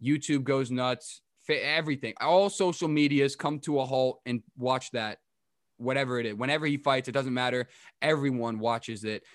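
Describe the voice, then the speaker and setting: A young adult man hosting a casual sports update to camera, rambling and chatty with quick asides. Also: medium pitch, no room sound, studio quality. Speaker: podcast host giving a sports update.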